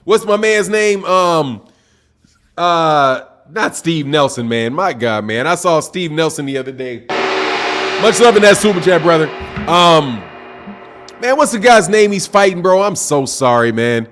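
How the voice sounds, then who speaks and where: A man hosting a live-stream boxing talk show, loud and excitable, projecting his voice and saying "bro" a lot while reading viewer super chats. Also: fairly high pitch, a little slow, faint music behind. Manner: reads super chats aloud. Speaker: boxing channel host. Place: home live stream, sipping drinks.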